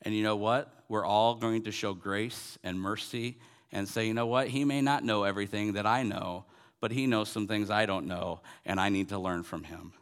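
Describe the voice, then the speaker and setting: Bright-voiced man in his forties preaching. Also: fairly low pitch, steady tone, moderate pace, clear, resonant tone. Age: 40s. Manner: earnest, rising to emphatic peaks, repeats phrases. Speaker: pastor. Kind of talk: sermon.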